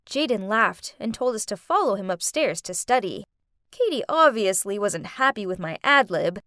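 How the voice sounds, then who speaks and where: Young woman narrator, bouncy teen storyteller, up and down pitch, dry close mic. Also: no echo. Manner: lively, chatty teen-girl storytelling with quick pitch jumps. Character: chatty teenage girl narrator. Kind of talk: first-person animated story narration.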